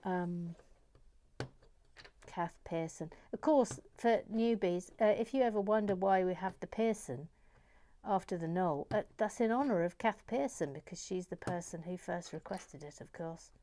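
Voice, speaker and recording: A woman hosting a brick-building vlog. She chats in a self-mocking way, reads out viewer messages and mutters softly as she builds. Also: on the low side, a little slow, a little hiss or hum. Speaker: host of a brick-building channel. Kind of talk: casual building vlog chat.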